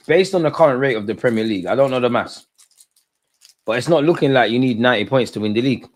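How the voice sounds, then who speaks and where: A man's voice: mid-range voice, fast. A young man hosting a live football watch-along, talking in rambling, opinionated banter. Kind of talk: casual live match commentary.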